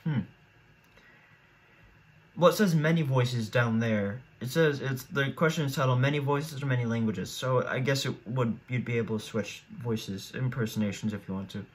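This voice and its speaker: In casual commentary on his own, a teenage YouTuber rambles and thinks out loud, often starting over as he considers each choice. He speaks at a moderate pace in a mid-range voice.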